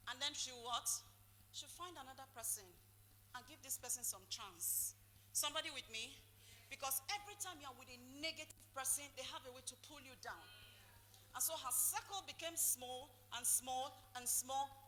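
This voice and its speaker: A woman's voice: sits high, animated, normal speed, bright, forceful tone. A woman giving a motivational talk, calling out questions for the audience to finish. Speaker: motivational speaker. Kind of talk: call-and-response motivational talk. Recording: echoey hall, faint noise.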